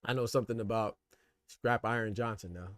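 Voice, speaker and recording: A man hosting a boxing podcast live stream, casual and slangy, trash-talking his chat and laughing loudly. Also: on the low side, fairly quick, no echo, studio quality.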